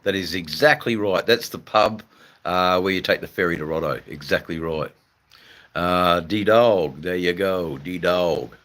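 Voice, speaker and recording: Australian male streamer, low voice, unhurried and rambling, casual swearing. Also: a bit bright. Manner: laid-back, rambling, drawn-out fillers, swears casually. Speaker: livestream host chatting with viewers. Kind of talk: casual live chat.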